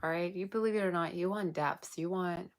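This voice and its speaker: A woman's voice: lowish voice, fairly even intonation, fairly quick. A woman giving a casual tarot reading, chatty and blunt with exasperated asides, sounding tired and yawning. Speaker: tarot reader.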